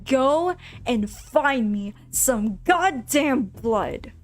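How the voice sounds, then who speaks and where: A gruff, half-faced zombie man growls out his words in a throaty put-on Aussie accent, as a woman voices him. He drags each word out slow and menacing, like a wrecked creature in a horror game. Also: high-pitched, animated, soft background music, exaggerated voice. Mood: commanding. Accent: put-on Australian. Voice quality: throaty, voice pushed to the back of the throat.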